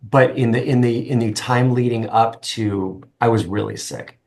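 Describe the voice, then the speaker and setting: Middle-aged male guest, mid-pitched voice, earnest and halting. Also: fairly even intonation, vocal fry, darkish tone. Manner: earnest, halting, frequent restarts. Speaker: interview guest. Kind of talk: conversational interview.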